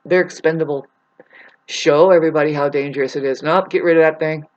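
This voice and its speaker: A man's voice: fairly high pitch, steady tone, a little fast, highs cut off. A man ranting on his vlog, rambling and swearing heavily, jumping from topic to topic with many restarts. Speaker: vlogger. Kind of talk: rambling profane vlog rant.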